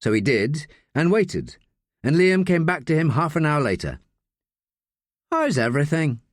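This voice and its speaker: A man narrating an audiobook with an expressive, varied delivery on a close studio mic. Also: fairly high pitch, normal speed, dry recording.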